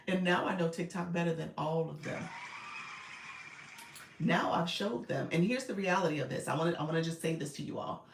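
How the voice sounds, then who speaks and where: A woman's voice: low-pitched, creaky, reverberant. A woman in her forties coaching on a livestream, chatty and direct, often breaking into laughter. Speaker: live-streaming coach. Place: inside a car.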